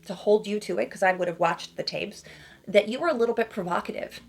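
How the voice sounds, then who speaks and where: Her mid-range voice is creaky and quick as this couples therapist reacts emphatically. She peppers her commentary with "okay?" and "right?" and voices the lines she quotes in other voices.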